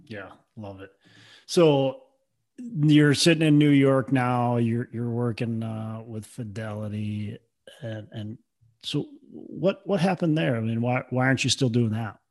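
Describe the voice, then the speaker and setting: A man's voice: medium pitch, unhurried, a little mellow. A man hosting an interview, recapping the guest's story and asking short follow-up questions. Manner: brief affirmations, recaps before questions. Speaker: interview host. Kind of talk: casual interview.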